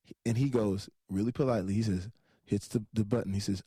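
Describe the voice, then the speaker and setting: A man telling an animated anecdote, laughing often and acting out other people's voices as he goes. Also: fairly low pitch, fast talker, slightly rough. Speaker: entertainer telling a story. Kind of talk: animated anecdote with acted-out quotes.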